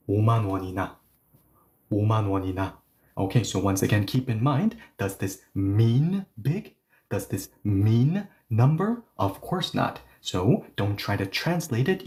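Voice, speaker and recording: A man's voice: mid-range voice, warm tone. A man teaching an online language lesson, explaining step by step and often checking in with "right?".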